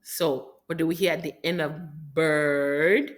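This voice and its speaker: A woman's voice: low-pitched, steady tone, slow pace. A woman from Haiti teaching rhyming sounds to young children in an encouraging, sing-song teacher manner. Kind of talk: phonics lesson for young children.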